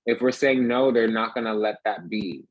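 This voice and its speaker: A man's voice: on the low side, moderate pace, dry recording, highs cut off. A man giving a rambling, emphatic casual tarot reading, talking restlessly from card to card. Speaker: tarot reader.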